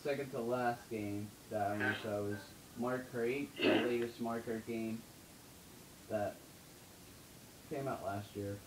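A man co-hosting a casual video-chat update, halting and often laughing. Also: medium pitch, steady tone, slight background noise. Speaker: co-host. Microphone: Wii U chat mic. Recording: echoey room with music.

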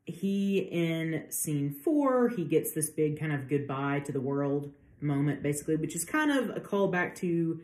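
A woman's voice: low-pitched, lively intonation, unhurried, few pauses, a little mellow, roomy sound. A woman giving a casual literature lecture, chatty with many fillers, acting out quotes as she goes. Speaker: literature professor.

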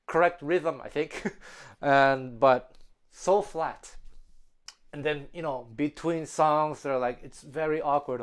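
A man's voice: on the high side, slow, clear, resonant tone. A man giving a spoken music lesson, explaining earnestly in a conversational way with frequent restarts. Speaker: music teacher.

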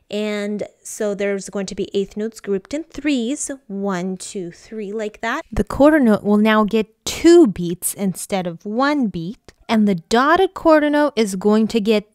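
A woman's voice: mid-range voice, darkish tone. Woman teaching music theory, counting beats. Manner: patient, counts beats aloud and claps along. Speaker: piano teacher.

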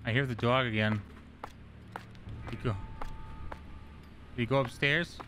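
A man streaming a horror delivery game, joking and reacting loudly, on a studio microphone. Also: medium pitch, unhurried, a little hiss or hum. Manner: animated, jokey, squeals at animals. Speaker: gaming streamer. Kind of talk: let's play commentary. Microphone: studio dynamic mic.

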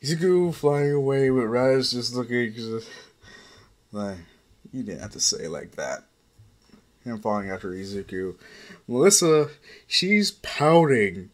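A man's voice: mid-range voice, animated, a little slow, long pauses. A man casually narrating an improvised fan story in a rambling way. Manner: casual, rambling, filler-heavy.

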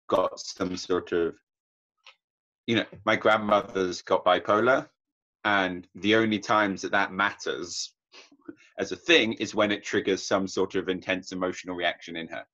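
A man's voice: deep voice, steady tone, measured pace, sharp tone. A young man sharing earnestly in an online workshop, reflective, acting out remembered conversations. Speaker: workshop participant. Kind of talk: personal sharing in an online group. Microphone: video call. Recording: muffled video call audio.

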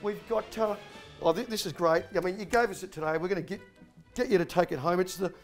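High-voiced blokey Australian host. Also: male voice, fast, faint music behind. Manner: blokey, rambling, calls everyone mate. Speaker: sports show host. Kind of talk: comedic sports talk show hosting.

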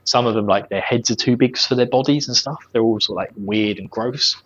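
A man's voice: mid-range voice, a little fast, a bit bright, breathy edge, lo-fi sound. A man co-hosting a casual podcast, chatting loosely and laughing often. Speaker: podcast co-host. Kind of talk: casual chat.

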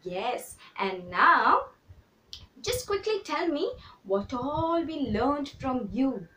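A woman kindergarten teacher gives a handwriting lesson to small children, slowly repeating steps and praising them. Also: high-pitched, very animated, pushed and bright, far from the mic, slight background noise. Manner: slow, repetitive, encouraging drills for small children. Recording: roomy echo, voice a little off the mic.

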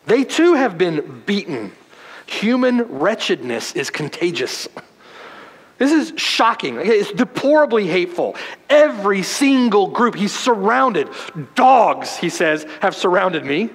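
Male preacher, unhurried delivery, big swings between loud stress and hushed lines, long church reverb. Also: very animated, breathy edge. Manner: dramatic preaching, swinging from loud emphasis to hushed low tones. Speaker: pastor. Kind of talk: sermon. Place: church sanctuary.

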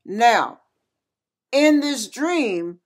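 A woman's voice: on the high side, animated, very slow. An older woman who hosts a ministry channel, speaking in an earnest, folksy sermon style with some humorous asides. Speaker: ministry channel host and pastor. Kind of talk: sermon-style talk recounting a dream as a warning.

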